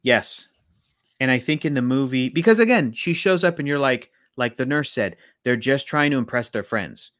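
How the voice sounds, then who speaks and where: A man co-hosting a podcast, reviewing a film in casual chat and acting out scenes in quick quoted voices. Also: medium pitch, expressive, a bit bright, no room sound, studio quality. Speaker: podcast co-host.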